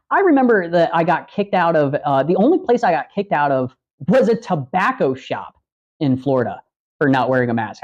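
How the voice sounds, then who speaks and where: Rambling man telling animated, profane stories. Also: on the high side, lo-fi sound. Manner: rambling, animated, profane anecdotes with acted-out quotes. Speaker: podcast host on a livestream. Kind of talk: casual storytelling chat.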